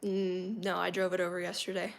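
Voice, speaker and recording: A woman's voice: lowish voice, level tone, brisk, vocal fry. A woman livestreaming from home on her phone, chatting casually with viewers, reading their comments aloud and laughing often. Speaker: livestream host.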